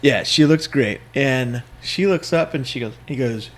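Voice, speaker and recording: A man hosting a podcast, telling a story in a lively casual way, acting out what people said and dropping to a whisper for asides. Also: medium pitch, a little slow. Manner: animated, acts out voices in anecdotes, whispers asides. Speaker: podcast host.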